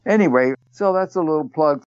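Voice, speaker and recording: An older man tells anecdotes in a relaxed interview, chuckling now and then. His voice sits a little high. The recording is dry and dull, with little room sound. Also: fairly quick, clean tone, no echo. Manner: chatty storyteller, chuckles while telling, acts out quoted voices. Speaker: theater writer guest.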